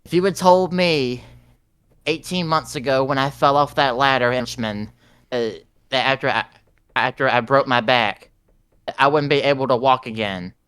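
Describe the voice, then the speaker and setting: A proud, sentimental veteran wrestler speaks earnestly to the crowd after a title win in a tabletop role-play, voiced in his own manner by a man. The voice is smooth and clear, at a middle pitch. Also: normal speed, a bit bright, lightly acted. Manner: earnest in-character promo speech.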